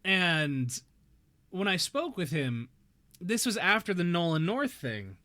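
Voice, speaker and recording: Man, streamer, high voice, casual chat, rambling, excitable. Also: takes it slowly.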